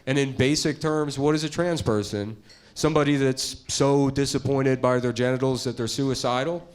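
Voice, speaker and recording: Man, stand-up comedian, deadpan, crude, mid-pitched voice, live set, audible crowd noise. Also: normal speed. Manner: deadpan, crude, switching into mocking character voices. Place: stage before a live audience.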